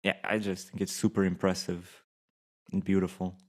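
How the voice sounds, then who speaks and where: A man co-hosting a casual film-review podcast. He speaks in a relaxed, thoughtful way and often restarts his sentences. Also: sits low, normal speed. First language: Portuguese. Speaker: podcast co-host.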